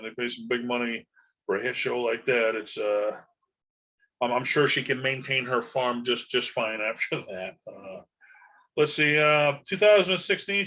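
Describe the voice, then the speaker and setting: A man's voice: mid-range voice, fairly bright tone, lo-fi sound. A man hosting a podcast on his own, talking in a rambling, folksy way with lots of fillers. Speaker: podcast host. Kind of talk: casual solo podcast monologue.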